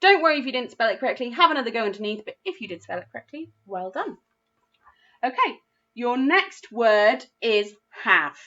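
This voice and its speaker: Bright-voiced English teacher spelling words slowly. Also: female voice, fairly high pitch, big pitch swings, lo-fi sound. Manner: slow, clearly spelled-out words with encouraging praise. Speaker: primary school teacher. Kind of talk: phonics lesson for young children.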